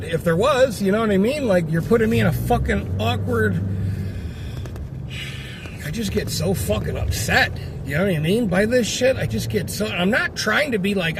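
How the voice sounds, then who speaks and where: A man's voice: high voice, background noise. A man ranting casually to camera, frustrated and swearing, rambling with many restarts.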